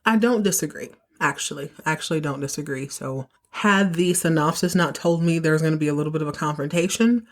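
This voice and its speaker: A woman with a fairly low voice, chatting casually as she recaps a soap episode. She tells the story with animated emotion and slips into the characters' lines as she goes. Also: fairly quick, few pauses. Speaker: podcast host recapping a soap opera.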